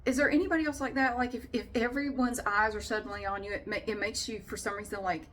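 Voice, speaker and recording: A woman's voice: a little high, fairly even intonation, fast, a bit bright. A middle-aged woman vlogging in a casual, chatty way with frequent fillers. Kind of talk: casual chat to camera.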